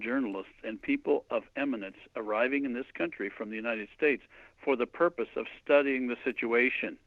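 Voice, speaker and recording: A man's voice: mid-range voice, moderate pace, no room sound. A man co-hosting a talk show who reads document passages aloud and explains them plainly. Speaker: co-host. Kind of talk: conversational talk show discussion. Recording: dry, phone-like line.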